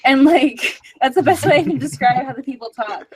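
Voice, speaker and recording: A chatty woman with a slightly high voice hosts a relaxed live-stream hangout. She talks loosely and keeps things casual, with plenty of fillers. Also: fairly quick, slightly rough. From outside America. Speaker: host and voice director.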